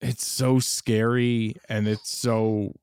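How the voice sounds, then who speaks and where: Smooth-voiced man, swearing casually. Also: mid-range voice, little pitch movement, slow pace, darkish tone, dry recording. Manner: swears freely, rambling restarts. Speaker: podcast co-host. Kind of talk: casual film chat.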